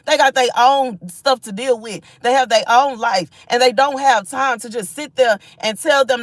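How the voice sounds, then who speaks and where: A woman's voice: on the high side, normal speed, few pauses, no room sound. A woman giving impassioned spiritual messages on a livestream, emphatic and repetitive, often asking "you know what I'm saying". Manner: reads and thanks viewers from chat.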